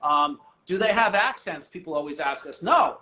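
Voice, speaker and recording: High bright-voiced dude, blunt, cusses casually, echoey room. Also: male voice, normal speed. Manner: blunt, animated, swears casually. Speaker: guest, business owner. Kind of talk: casual podcast chat.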